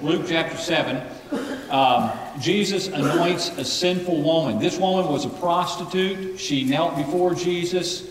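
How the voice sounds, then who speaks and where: A male pastor delivers a sermon and leads his congregation in call-and-response. His voice sits fairly high. He is picked up from a distance, with a long hall reverb and faint room noise behind him. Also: measured pace. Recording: echoey hall from afar.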